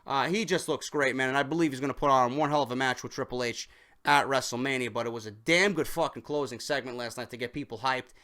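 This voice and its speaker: Bright, profane young wrestling vlogger. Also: male voice, medium pitch, fast. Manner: profane, enthusiastic, rambling. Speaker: wrestling reviewer. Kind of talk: casual review monologue.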